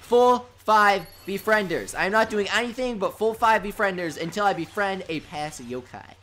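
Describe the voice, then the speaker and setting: Young man, streamer, sarcastic and joking, casual live chat, very expressive pitch. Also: moderate pace, a little hiss or hum. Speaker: livestream host. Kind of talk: live stream chat, reading viewer comments.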